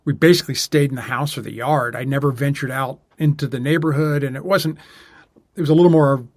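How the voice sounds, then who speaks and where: A man co-hosting a podcast, telling a personal story in a halting, reflective way with many restarts. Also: mid-range voice, fairly even intonation, darkish tone, no room sound. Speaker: podcast co-host. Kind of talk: casual conversation, personal story.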